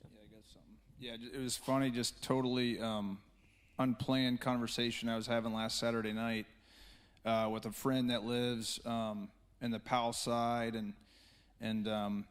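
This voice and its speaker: An earnest man talks through a church panel discussion. His voice sits at an ordinary middle pitch, and he rambles with frequent restarts and fillers. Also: flat delivery, normal speed, smooth. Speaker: church speaker.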